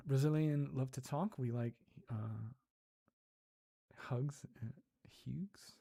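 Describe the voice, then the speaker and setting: Slow, gravelly, soft-spoken streamer. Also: medium pitch. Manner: soft-spoken, giggly, curious. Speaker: ASMR livestreamer. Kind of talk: casual livestream chat with viewers.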